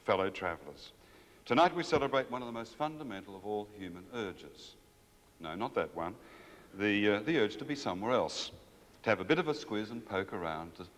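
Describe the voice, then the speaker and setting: Dry, deep-voiced Australian host. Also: male voice, a bit bright. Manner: dry, wry, satirical. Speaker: awards host. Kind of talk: comic after-dinner speech. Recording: reverberant hall with audience.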